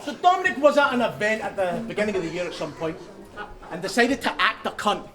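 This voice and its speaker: A man's voice: high voice, lively intonation, quick pace. A Scottish man performing crude, taunting bars in a live rap battle, often laughing at his own lines, in a large venue. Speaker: battle rapper. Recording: echoey hall with loud crowd.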